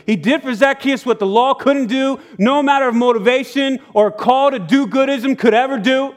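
A man's voice: high-pitched, normal speed, few pauses. A man preaching a sermon in church, telling a story with acted-out dialogue and sudden drops to a near whisper. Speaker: pastor. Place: church sanctuary.

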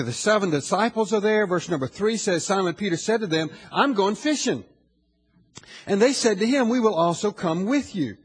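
Male pastor, high husky voice, conversational sermon that builds to emphatic points. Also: in a large hall.

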